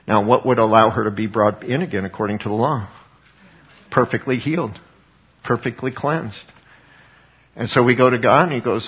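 A man's voice: mid-range voice, fairly even intonation, a little fast, slightly rough. A pastor preaching a conversational sermon, asking his congregation questions as he goes. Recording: dull lo-fi recording.

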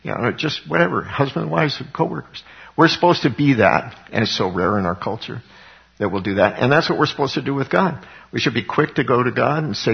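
Husky-voiced man preaching a sermon. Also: mid-range voice, animated, brisk, muffled recording. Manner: earnest preaching, rising emphasis on key words. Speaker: pastor.

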